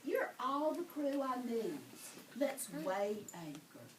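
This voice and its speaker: A woman reading aloud and voicing a gruff, impatient male pirate captain with slow, emphatic pirate talk. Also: high-pitched, big pitch swings, heavily acted. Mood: cheerful. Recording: echoey room, far mic, noisy.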